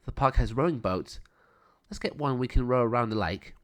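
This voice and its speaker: A man's voice: mid-range voice, lively intonation, moderate pace, close to an everyday voice. A man voicing a friendly, caring young man in a storybook reading, in an easygoing, everyday voice. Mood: cheerful.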